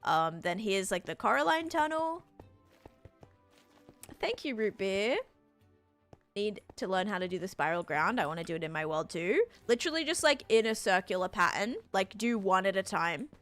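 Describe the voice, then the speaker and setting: Lively Australian woman streamer. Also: mid-range voice, normal speed, soft background music. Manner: chatty, reads out chat messages and thanks supporters. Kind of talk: casual live-stream chat.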